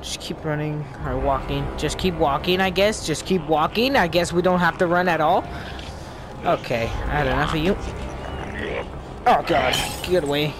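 A man commenting on his own gameplay, excitable and quick to yelp and laugh at scares. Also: a little high. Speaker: gamer. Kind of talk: let's play commentary. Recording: game sounds and noise behind.

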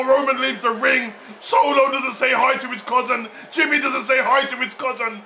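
A young man hosting a wrestling reaction, talking casually and shouting with delight. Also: very high-pitched, fairly even intonation, normal speed, hardly any pauses, slight background noise. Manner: exclamatory, fan-like, shouts in delight. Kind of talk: excited reaction commentary.

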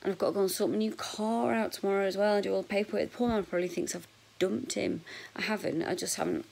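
A woman in her forties with a husky voice, chatting frankly and jokily to camera in a casual vlog, sometimes dropping to a whisper. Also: medium pitch, steady tone, fast, a little mellow, poor audio. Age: 40s. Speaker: vlogger.

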